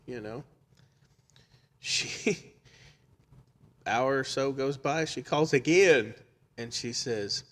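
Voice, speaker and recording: A man's voice: medium pitch, unhurried, pauses often. A man telling a funny story in a casual chat, laughing often and acting out the people in it. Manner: animated, laughs often, acts out quotes.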